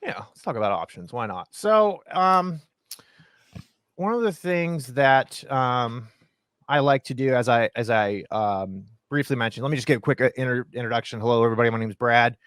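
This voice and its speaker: An Ohio man who trades options full-time chats casually as a guest on a video call, rambling along with fillers and restarts as he explains things conversationally. His mid-range voice is animated and a bit bright, at a moderate pace, captured dry with studio quality.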